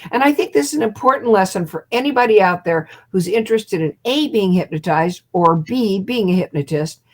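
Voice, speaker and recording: A woman's voice: medium pitch, brisk. An older woman in her seventies spins a story with real animation, playing out the voices of the people she quotes. She is a hypnotist guest speaking over a video call. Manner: lively storyteller who acts out quotes and laughs.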